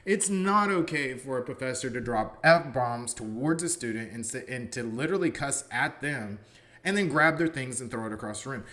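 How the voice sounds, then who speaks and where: A man's voice: mid-range voice, normal speed, a bit bright. A male college philosophy professor telling a story in a casual, conversational way, often saying "you know" and acting out what people said. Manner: acts out quoted dialogue in his stories.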